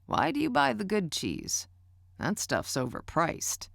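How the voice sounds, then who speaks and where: A man's voice: medium pitch, steady tone, a little slow, gravelly, no room sound, studio quality. A woman voicing a blunt, persistent man who is a nosy family friend in an audiobook. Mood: prying. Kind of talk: audiobook character voice.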